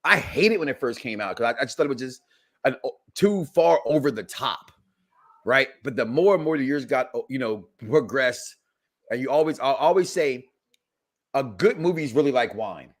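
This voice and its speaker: A man's voice: medium pitch, expressive, normal speed. A man in his forties hosting a casual podcast chat, rambling and laughing often. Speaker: host.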